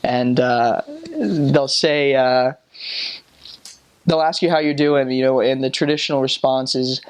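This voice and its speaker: An American man telling casual stories about his time abroad, talking haltingly with many restarts and fillers. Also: medium pitch, fairly even intonation, clean tone. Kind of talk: casual storytelling.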